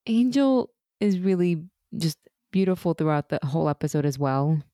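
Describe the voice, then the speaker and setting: A woman co-hosts a relaxed recap chat, her voice mellow and a touch low. She gushes with enthusiasm and slips into little acted-out quotes. The sound is dry and close. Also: normal speed, no room sound. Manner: enthusiastic, gushing, acts out quoted lines. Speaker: podcast co-host. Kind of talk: casual chat recapping a TV episode.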